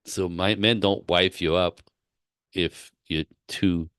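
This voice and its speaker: Deep-voiced blunt man giving relationship advice. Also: fairly even intonation, slow, a bit bright, clean tone, dry recording, studio quality. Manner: blunt, emphatic, repeats himself; acts out both sides of dialogue. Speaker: relationship coach. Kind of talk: live-stream advice talk.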